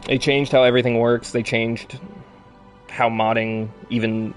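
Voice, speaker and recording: A man's voice: medium pitch, flat delivery, measured pace, faint music behind. Rambling, swearing male streamer. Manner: rambling, swears freely, ranting. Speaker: live streamer. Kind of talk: casual live-stream chat.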